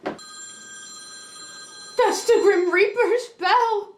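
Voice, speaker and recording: A woman plays a self-pitying little street urchin with a put-on British accent, wailing every word. The voice is very high and dragged out slowly. It sounds roomy, picked up from well off the mic. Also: recorded from a distance, slight background noise, exaggerated voice. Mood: whiny dramatic.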